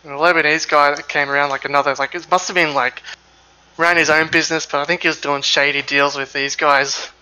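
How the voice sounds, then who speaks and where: A man's voice: on the high side, fairly even intonation, brisk, pushed and bright, smooth, poor audio. A man with an Australian accent, chatting casually during a sim race stream, laughing often and swearing freely while telling rambling stories. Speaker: sim racing stream co-host. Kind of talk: casual chat.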